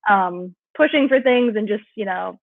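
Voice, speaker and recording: A woman speaks as a podcast guest, chatty and filler-heavy, over a thin, phone-like line. Her voice is dry and close, with no room around it, and sits at an ordinary pitch. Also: normal speed, vocal fry, no room sound. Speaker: guest, cycle syncing coach. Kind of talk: casual podcast chat.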